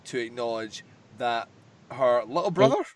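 A man's voice: medium pitch, big pitch swings, normal speed. A man doing casual, crude, joke-filled film commentary, laughing often. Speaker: podcast co-host.

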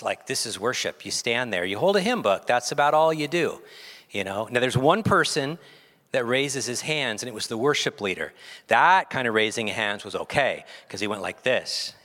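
A man preaching a sermon from a church sanctuary, animated and joking as he leads the congregation in call-and-response. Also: medium pitch, moderate pace. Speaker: pastor. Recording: long hall reverb.

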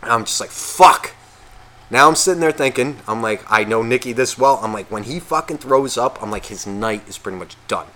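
A man's voice: mid-range voice, fairly quick, hardly any pauses. A man co-hosting a podcast, telling a rambling story in casual chat and swearing constantly. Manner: heavy swearing, rambling and animated. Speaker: podcast co-host.

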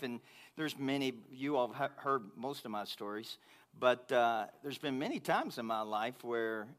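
A man preaching to his congregation, telling a personal story in an animated way that grows loud and high when he gets excited. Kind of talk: sermon storytelling.

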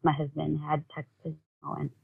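A woman telling a personal story as an interview guest, in a halting way with many fillers, often acting out what family members said. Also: low-pitched, completely flat delivery, vocal fry, husky. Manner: halting, full of "like", acts out quoted family talk. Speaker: guest, bereaved mother. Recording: tinny phone-like audio.

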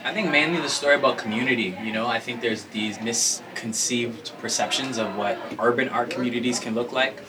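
A man filmmaker answers interview questions quickly, agreeing readily. He sounds set back from the mic, and clear background noise runs under his voice. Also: medium pitch, distant mic. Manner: fast, affirming.

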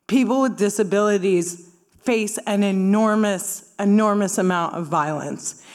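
A woman from Palestine doing stand-up comedy, punchy and sarcastic, rising to emphatic bursts. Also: mid-range voice. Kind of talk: stand-up talk with audience.

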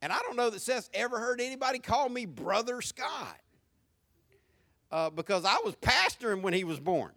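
A middle-aged man preaching a sermon, swinging from hushed asides to loud, emphatic lines. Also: extremely high pitch, sing-song, moderate pace. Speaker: pastor.

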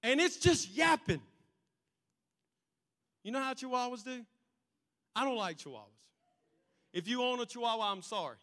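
Brief: male pastor, high bright voice, animated storytelling sermon, long hall reverb. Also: normal speed, pauses often. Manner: animated storytelling, swings between loud and quiet.

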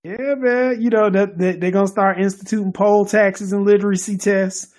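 A man's voice: sits high, steady tone, normal speed, darkish tone. A man in casual political chat, agreeable and often backing the other speaker up.

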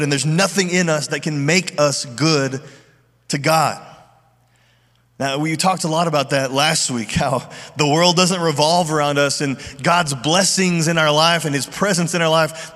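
Middle-aged male pastor, earnest conversational preacher, slightly higher voice, long hall reverb. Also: a bit bright. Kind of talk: sermon.

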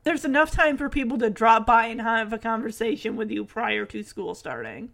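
A woman's voice: on the high side, animated, normal speed, gravelly, a bit bright. A woman casually recapping a TV episode in a chatty way, with sarcastic asides.

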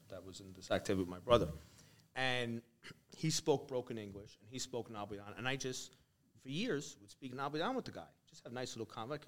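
A man's voice: medium pitch, a bit bright. A man hosting a casual conversation, telling stories animatedly and acting out the people he quotes. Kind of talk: casual chat.

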